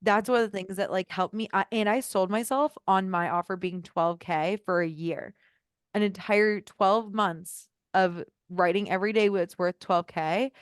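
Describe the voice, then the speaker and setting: A woman's voice: mid-range voice, moderate pace, clean tone, no echo. Bubbly woman coach, dry sound. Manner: upbeat, bubbly, animated. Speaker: business coach. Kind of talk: casual group coaching call.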